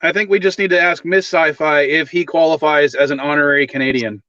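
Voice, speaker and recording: A man from Texas co-hosts a casual stream, trading jokes with a few stumbling restarts. His voice is bright and a touch high. The chat audio is dry and a little dull. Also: fairly even intonation, fairly quick, no room sound. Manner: joking, a bit hesitant with restarts. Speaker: stream co-host.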